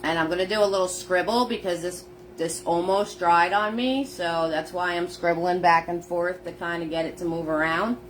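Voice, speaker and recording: A woman's voice: lowish voice, fairly even intonation, normal speed, a little hiss or hum. A woman teaching a live painting lesson, narrating each step in a chatty way. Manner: chatty, step-by-step narration, greets viewers by name. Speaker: painting instructor. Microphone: phone.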